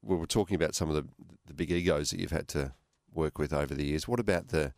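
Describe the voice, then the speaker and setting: Low-voiced radio host. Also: male voice, fast talker, vocal fry, a little mellow, no room sound, clean studio sound. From Australia. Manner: attentive, frequent short affirmations. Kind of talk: radio interview.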